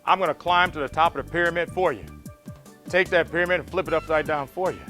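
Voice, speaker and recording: A man teaching medical exam material and describing his prep program, animated and vivid, acting out heart sounds. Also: a little high, fast, faint music behind. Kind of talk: lecturing and promotional interview.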